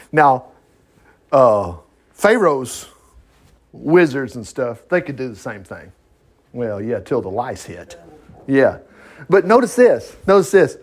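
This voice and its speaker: An older man with a somewhat higher voice gives an informal Bible lesson. He talks in a folksy way and acts out the characters' lines. His pitch swings widely as he goes. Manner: folksy, chuckling asides, paraphrases dialogue in voices. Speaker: bible teacher.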